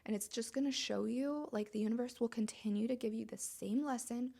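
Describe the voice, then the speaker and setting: A woman talks in a casual, motivational podcast monologue, with an emphatic, chatty delivery full of "like." Her voice sits a little high and carries a gravelly fry. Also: fairly quick, dark tone. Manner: chatty, emphatic, heavy use of "like". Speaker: podcast host.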